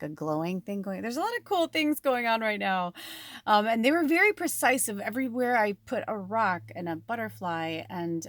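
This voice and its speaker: A woman's voice: medium pitch, no echo. A woman giving a casual spiritual card reading in a rambling, chatty way, full of fillers, recorded at home on a farm. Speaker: tarot and oracle card reader.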